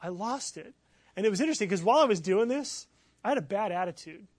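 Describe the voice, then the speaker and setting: A man preaching as a pastor, telling a personal story in an animated, excitable way with many fillers. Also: high-pitched, quick pace, dry recording. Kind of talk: sermon storytelling.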